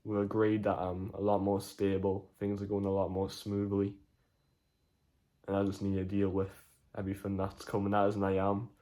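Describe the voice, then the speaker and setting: A man talking haltingly in a personal video diary from his own room, often searching for words. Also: fairly low pitch, monotone, dark tone. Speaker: vlogger.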